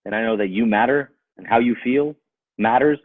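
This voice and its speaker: A man's voice: medium pitch, normal speed, no room sound, phone-quality sound. A man speaking as a rabbi, giving an emphatic talk to a live audience, full of rhetorical questions and repeated phrases.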